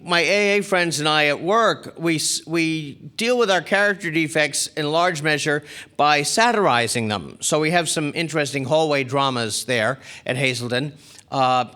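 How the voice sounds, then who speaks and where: A man's voice: on the high side, clear, resonant tone. A middle-aged man giving a spiritual talk at a recovery convention, telling a story and acting out the people in it. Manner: animated storyteller acting out quoted characters. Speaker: spiritual speaker. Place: large convention hall.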